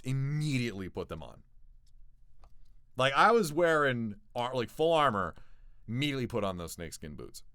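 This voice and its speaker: A man chatting casually on a live stream with a bright, lively voice that jumps from loud excited outbursts to quiet mumbles. He is recorded dry and close on a desk microphone. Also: clear, resonant tone, no room sound. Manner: chatty, swings between loud bursts and low mumbles.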